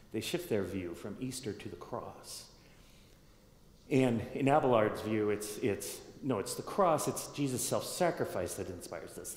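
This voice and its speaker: A male pastor teaches in a relaxed, conversational way, often restarting his phrases and turning to the congregation with questions. His voice sits at an ordinary pitch and rings through a church sanctuary with a long, echoing tail. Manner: conversational, thinking aloud with restarts and asides to the congregation. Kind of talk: sermon teaching. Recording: echoey hall with long reverb.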